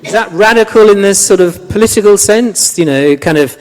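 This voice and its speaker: A man's voice: sits high, brisk, a little mellow. A man teaching a class, chatty, repeating words and asking the students questions. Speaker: language lecturer. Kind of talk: classroom lecture. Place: lecture room. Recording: long reverb of a lecture hall.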